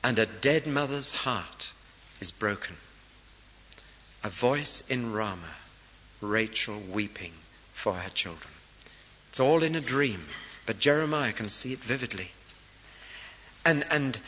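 A man preaching a sermon, telling a story dramatically and rising to loud, emphatic peaks. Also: medium pitch, animated, normal speed, in a large hall, highs cut off.

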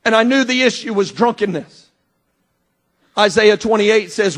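A middle-aged man preaching a sermon with impassioned delivery, often shouting and swinging sharply between loud and quiet. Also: high voice, lively intonation, measured pace, pauses often.

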